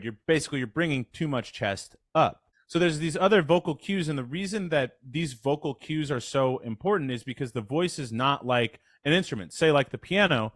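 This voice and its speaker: A man leading a voice workshop on a video call, talking in an energetic, casual, coaching way. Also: fairly high pitch, a little fast, few pauses, no echo, clean studio sound. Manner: energetic, chatty, demonstrates with his voice. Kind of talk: casual instructional talk. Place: online call.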